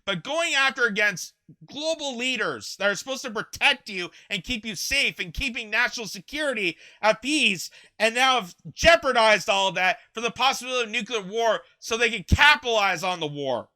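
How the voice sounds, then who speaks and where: A man's voice: very high-pitched, lively intonation, normal speed, bright, forceful tone. A man in his twenties from Canada, hosting an angry, heated political commentary rant from his basement. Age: 20s. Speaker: host. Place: home basement.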